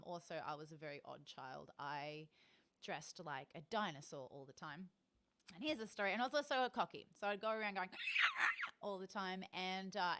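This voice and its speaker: A woman's voice: on the low side, a bit bright. An Australian woman in her thirties chatting in a rambling, casual way on a live stream, with many ums and frequent laughs.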